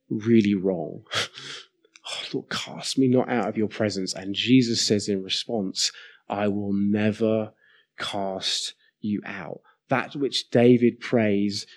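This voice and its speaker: A man in his thirties preaching a sermon, slowing down and leaning hard on key words for emphasis. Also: medium pitch, a little mellow. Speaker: pastor.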